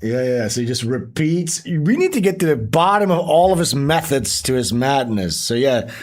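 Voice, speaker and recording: A man hosting a stream, reacting to a clip in casual, animated talk, swearing and laughing often. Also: medium pitch, moderate pace. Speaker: stream host.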